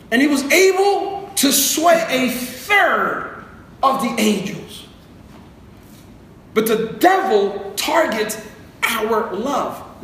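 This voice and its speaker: A man's voice: very high voice, fairly bright tone. A man preaching a sermon in a conversational, joking way, asking the congregation to repeat words. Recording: very echoey room with faint noise.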